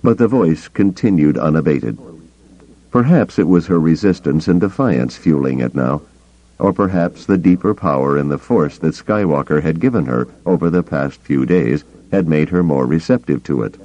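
A man narrating an audiobook in a slow, deliberate reading. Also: extremely low pitch, expressive, warm tone. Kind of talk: scripted narration. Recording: dull lo-fi cassette tape.

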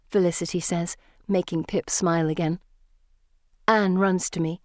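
Woman audiobook narrator, measured and even, dry close recording. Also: lowish voice, no echo. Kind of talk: first-person audiobook narration.

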